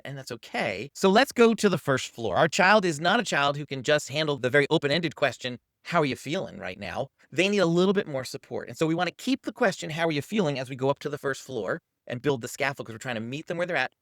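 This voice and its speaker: A man's voice: a little high, a bit bright, no echo, clean studio sound. A man hosting a parenting channel, teaching to camera in an upbeat coaching manner and acting out what to say to a child.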